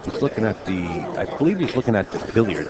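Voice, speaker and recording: A man commentating a live pool match, calmly explaining shot options and cue ball position. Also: lowish voice, fast, muffled recording, over a noisy crowd.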